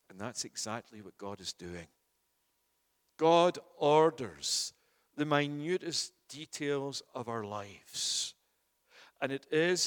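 A man's voice: medium pitch, fairly bright tone, in a large hall. A male preacher giving an expository sermon in a church. He is emphatic, uses rhetorical questions and often repeats words.

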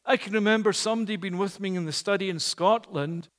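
A middle-aged male pastor preaching a sermon, slow and emphatic, repeating key phrases for weight. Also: high-pitched, long reverb tail. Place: church.

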